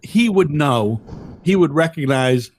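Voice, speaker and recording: A man with a somewhat high voice co-hosting a casual podcast chat. He stumbles over his words, repeats himself and swears offhandedly, like talking with friends. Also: lively intonation, measured pace. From lived in Massachusetts, Virginia and upstate New York. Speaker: podcast co-host.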